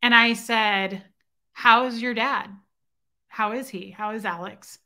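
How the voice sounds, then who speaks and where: A young woman with a bright, slightly high voice hosts her own channel and chats casually to her viewers. She retells a conversation by acting out both sides, breaking off now and then to speak straight to her audience. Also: slow pace. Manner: animated retelling with quoted dialogue and side remarks to chat. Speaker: host.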